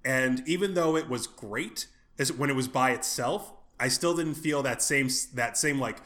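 A man's voice: mid-range voice, normal speed, fairly bright tone. A man co-hosting a podcast, talking in a rambling, casual way, restarting his sentences and swearing offhandedly. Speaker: podcast co-host.

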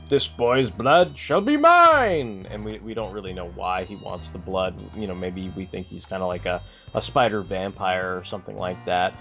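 Low-pitched dude rambling on a podcast, lots of likes and cussing. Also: male voice. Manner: rambling, filler-heavy, profane. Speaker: podcast co-host. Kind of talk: casual chat.

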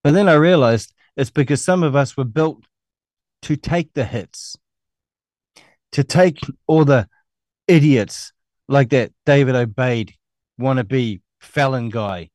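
A middle-aged New Zealand man tears into his targets in a long, profane rant, scornful and relentless. His voice sits at an ordinary pitch and sounds dry and close, with no room around it. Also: slow pace, long pauses, a little mellow, no echo. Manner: angry, scornful, profane ranting. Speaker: online show host. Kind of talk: ranting monologue.

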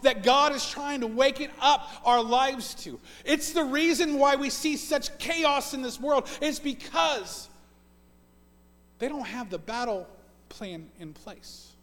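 High-voiced preacher in his forties, echoing church. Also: animated, measured pace, fairly bright tone. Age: 40s. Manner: earnest, repeats words when building a point. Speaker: pastor. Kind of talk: sermon. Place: church sanctuary. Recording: long church reverb.

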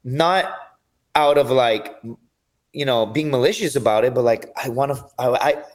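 A man guesting on a podcast, telling his fighting stories in an energetic, profane, rambling way. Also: mid-range voice, moderate pace. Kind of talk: casual storytelling chat.

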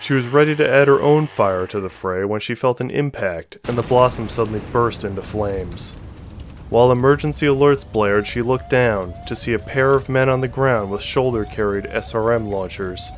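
A man reading an action story aloud with steady, dramatic narration. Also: mid-range voice, normal speed, a little hiss or hum. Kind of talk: scripted audiobook narration.

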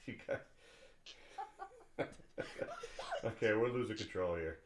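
A man's voice: low voice, takes it slowly, long pauses, slight background noise. A middle-aged man from New England with a Boston-area accent, hosting a podcast in casual, rambling chat full of fillers and restarts. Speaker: podcast host.

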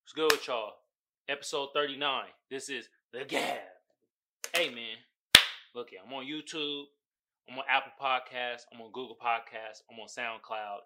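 A man's voice: mid-range voice, moderate pace, heavy background noise. A young man hosting his own podcast, venting bluntly and profanely in casual talk. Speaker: podcast host. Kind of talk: casual solo podcast rant.

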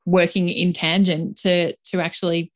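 A woman hosting an interview, with a fairly low voice. She speaks in a conversational way, building on what her guest has said. The recording is dry and close. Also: level tone, moderate pace, no room sound. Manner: brief affirming interjections, then thoughtful comment. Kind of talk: casual interview talk.

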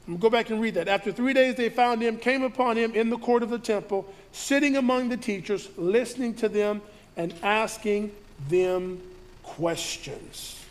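Reading passages of scripture and riffing on them with many restarts, a man preaches to his congregation. He's a pastor with a high-pitched voice and a moderate pace.

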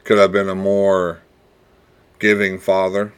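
Slow, deep-voiced man musing on a podcast. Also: completely flat delivery, smooth. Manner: reflective, rambling, with pauses and repeated words; earnest and fatherly, closing with blessings. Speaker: podcast host. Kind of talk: casual solo podcast monologue.

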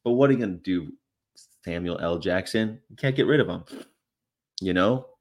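A man's voice: low voice, moderate pace, muffled recording. A man vlogging in a casual, rambling monologue with offhand, crude, jokey asides.

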